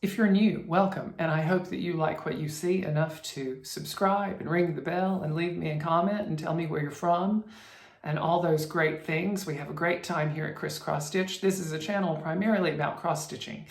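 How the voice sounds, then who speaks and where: A woman's voice: sits low, moderate pace. A woman hosting a cross-stitch vlog, chatting casually to her viewers, rambling and restarting her sentences. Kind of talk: casual chat to camera. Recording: roomy echo.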